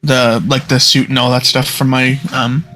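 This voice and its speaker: A man's voice: medium pitch, flat delivery, normal speed, pushed and bright, faint music behind. Hesitant man describing his character. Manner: hesitant, searching for words. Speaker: player. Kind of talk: casual chat at the game table.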